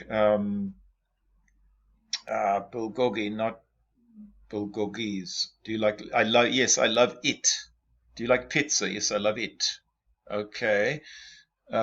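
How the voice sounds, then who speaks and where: A man teaching an English class, patiently repeating example sentences and questions for his students. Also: fairly low pitch. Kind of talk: classroom lesson explaining exam tips. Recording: dull lo-fi lecture recording.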